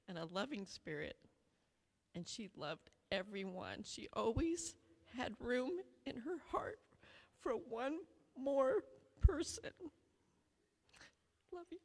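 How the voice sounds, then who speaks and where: A woman giving a heartfelt family eulogy at a memorial, telling stories slowly. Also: a little high, animated. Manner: heartfelt, slow storytelling. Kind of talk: memorial remembrance speech. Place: memorial gathering hall. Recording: long hall reverb.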